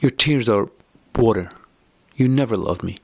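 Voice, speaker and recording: A man with a low, gravelly voice reading the lines of a bitter, distraught wife in an audiobook. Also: fast, no echo. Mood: furious. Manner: sharp, accusing outbursts.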